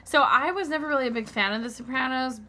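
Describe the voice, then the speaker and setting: Bright-voiced woman in casual chat. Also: high voice, fast talker. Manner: chatty, laughs along with the others. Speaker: podcast guest.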